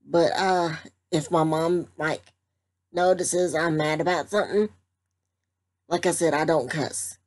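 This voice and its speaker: A woman, talking slowly in a casual vlog and breaking into laughter again and again. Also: deep voice, fairly even intonation, darkish tone. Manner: giggly, keeps breaking into laughter; slow, drawn-out talk. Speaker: vlogger.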